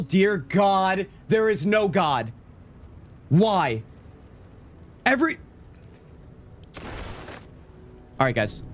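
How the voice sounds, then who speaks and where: A man with an American accent hosting a casual gaming livestream, animated and chatty with his viewers, a bit out of breath. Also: a little high, a little hiss or hum. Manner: animated, talks fast and chatty to viewers, says "dude" often. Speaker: livestream host. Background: faint game and tavern music.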